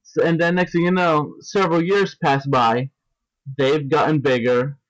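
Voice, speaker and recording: A man's voice: a little high, fairly even intonation, measured pace, no room sound, rough recording. A man co-hosting a podcast, venting in casual chat. He rambles, swears and mimics other people's voices. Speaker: podcast co-host.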